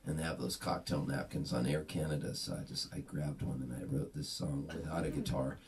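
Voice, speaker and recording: A man's voice: rumbling low, fairly even intonation, fairly quick. A man telling a rambling, chuckling story at a live gig, mimicking how locals talk. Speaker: singer-songwriter. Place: private party gig. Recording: distant live mic with loud guitar.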